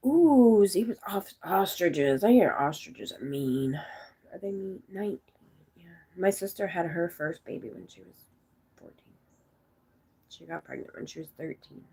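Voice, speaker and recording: A woman's voice: fairly low pitch, moderate pace, vocal fry, pauses often, mellow, slightly rough. A woman in her forties from the United States, chatting casually on a live stream, rambling through stories and answering viewers' comments. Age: 40s.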